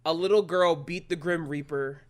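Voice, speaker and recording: A man with a notably high voice, co-hosting a podcast in loose conversation. He talks in an animated, profane way and jokes freely with his co-host. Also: moderate pace. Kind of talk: casual podcast chat.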